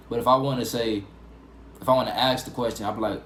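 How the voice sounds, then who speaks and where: Reaction host, man, mid pitch, chatty and loose, roomy sound. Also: steady tone, brisk, pauses often, a little hiss or hum. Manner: chatty, thinks aloud. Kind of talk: casual reaction commentary.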